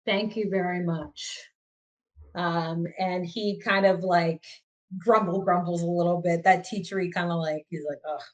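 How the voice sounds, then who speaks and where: A woman's voice: lowish voice, fairly even intonation, measured pace, rough recording. A woman running a tabletop role-playing game as game master, narrating in a rambling, hesitant way with many fillers.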